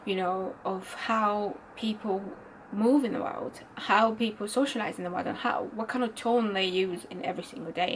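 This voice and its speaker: A woman's voice: medium pitch, slight background noise, rough recording. Rambling woman with an Italian accent. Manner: rambling, searching for words, frequent restarts. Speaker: vlogger. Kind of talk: candid storytime monologue.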